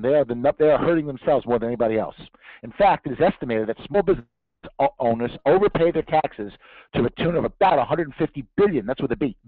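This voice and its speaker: A man's voice: medium pitch, no echo. A man giving a tax seminar to an audience, emphatic, with rhetorical questions and jokes. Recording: tinny narrow-band dry recording.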